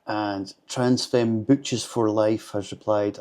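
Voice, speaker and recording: A man's voice: fairly low pitch, fairly even intonation, slow pace, hardly any pauses, a little mellow. A Scottish man, a vlogger, reading viewer comments aloud in casual chat, with blunt, sarcastic and sweary replies. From Scotland.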